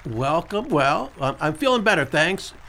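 A male radio talk show host with a bright, forceful edge and a high, very lively voice. He chats casually, repeats himself for emphasis and spells out details slowly for callers. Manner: lively, repeats key points, slows down to spell out numbers.

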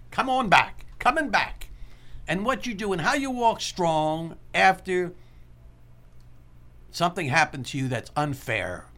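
A man hosting a call-in radio talk show, talking in an earnest, motivational way and repeating key points slowly. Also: fairly high pitch, pushed and bright.

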